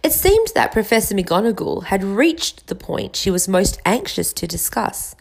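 A woman narrating a storybook aloud in an expressive reading style. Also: moderate pace, creaky. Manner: expressive reading with lively pitch. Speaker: audiobook reader.

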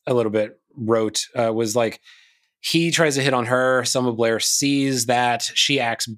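A man's voice: mid-range voice, a little slow, a bit bright. A man hosting a podcast in casual chat, recapping a film with wry asides. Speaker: podcast host.

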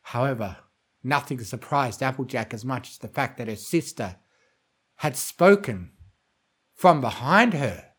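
A man reading a horror fan fiction story aloud with measured, dramatic storytelling. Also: medium pitch, animated, slightly rough, poor audio.

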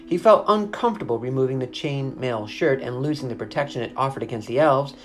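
A narrator reading a children's fantasy chapter book aloud in a steady, expressive storybook manner. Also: medium pitch, brisk.

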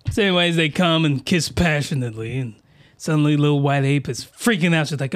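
A man with a slightly high voice talks a little fast as he hosts a comedy podcast reviewing comics. His crude review monologue rambles and jokes, and he often cuts himself off mid-sentence.

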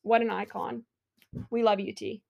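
A woman's voice: a little high, level tone, normal speed, gravelly, lo-fi sound. A woman co-hosting a podcast in casual chat, upbeat and chatty, going off on tangents. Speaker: podcast co-host.

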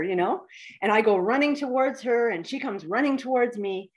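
A woman in her fifties tells a personal story as an interview guest, heartfelt and animated. Her voice sits at a middle pitch, and she leans on fillers as she talks. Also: moderate pace. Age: 50s.

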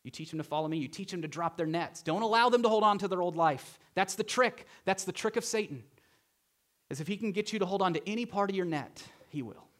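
A young man preaching a sermon as pastor, conversational and animated, with rising bursts of emphasis. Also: sits high, fast talker.

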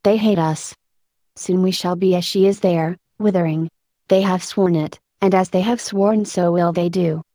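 Woman reading a fearful forest enchantress, soft urgent pleading, low mellow voice, dry sound. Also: fairly even intonation, normal speed, no room sound, close to an everyday voice. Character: sorrowful seductive woodland woman, fearful, pleading.

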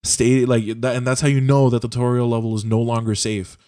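A man's voice: medium pitch, level tone, a little fast, warm tone, no room sound, studio quality. Young man retelling a game plot. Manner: rambling retelling of a game plot, swearing, many fillers. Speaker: podcast co-host. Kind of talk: casual chat. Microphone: home mic on a voice call.

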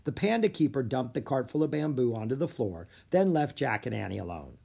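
Storybook narrator, husky, lots of ups and downs in the voice. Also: mid-range voice, sing-song, a little fast, warm tone. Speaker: audiobook narrator. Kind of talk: children's audiobook narration.

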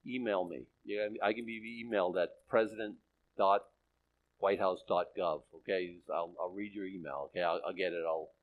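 A man's voice: low-pitched, fairly even intonation, moderate pace, phone-quality sound. A male pastor preaching a conversational sermon, often checking in with his listeners.

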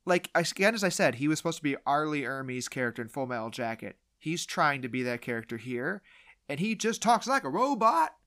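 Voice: mid-range voice, sing-song, a little fast, bright, forceful tone. Dry sarcastic podcast co-host. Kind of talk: casual chat recapping a movie.

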